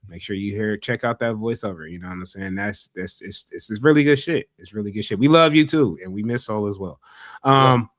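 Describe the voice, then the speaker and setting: A man hosting a casual podcast, talking in an animated, profane way and repeating himself when worked up. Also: lowish voice, fairly quick, dry recording, studio quality. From Los Angeles area. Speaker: podcast host.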